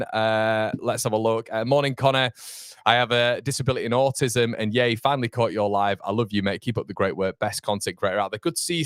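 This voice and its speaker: A man's voice: medium pitch, clean tone, no echo, clean studio sound. A young man hosting a live football fan stream, rambling and chatty, reading out viewer comments while feeling a bit fuzzy from a mild concussion. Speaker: fan channel host.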